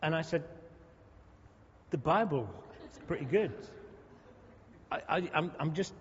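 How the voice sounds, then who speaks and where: A man's voice: fairly high pitch, animated, measured pace, slight background noise. A man preaching a sermon, talking conversationally with humorous asides to the congregation. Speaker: pastor. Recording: dull lo-fi sound in a reverberant hall.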